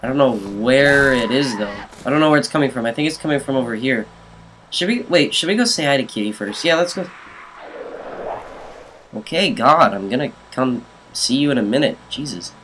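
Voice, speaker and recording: Excitable young man playing a zombie game. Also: mid-range voice, normal speed, a little hiss or hum, poor audio. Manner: excitable, yelling at enemies, jokey asides. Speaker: gaming YouTuber. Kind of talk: let's play commentary.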